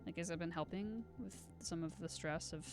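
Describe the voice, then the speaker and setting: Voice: mid-range voice, fairly quick, music in the background. A live streamer in casual gaming stream chat, rambling and self-deprecating with giggly asides.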